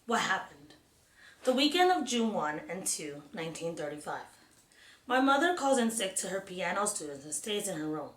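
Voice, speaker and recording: A woman reading a novel aloud in a measured, unhurried way. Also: mid-range voice, very animated. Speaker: reader. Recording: roomy echo.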